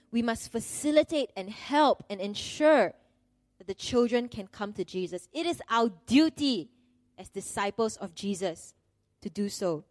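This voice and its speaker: Lady preaching, kinda high voice, chatty and earnest, pokes fun at herself, dry close sound. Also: a little mellow, dry recording. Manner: earnest, conversational, with self-deprecating humor. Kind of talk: sermon.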